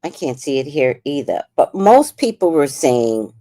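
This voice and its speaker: A woman with a New York accent talks through a livestream in a low, husky-bottomed voice that swoops up and down with lively intonation. She is outspoken and swears freely, addressing viewers directly. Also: a little slow, few pauses. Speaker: livestream commentator. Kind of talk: casual livestream commentary.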